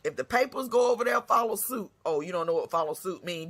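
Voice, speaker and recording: A woman's voice: on the low side, expressive, fast talker, fairly bright tone. A woman hosting her own segment, delivering a blunt, scolding rant full of cursing. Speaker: segment host. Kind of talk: profane ranting monologue.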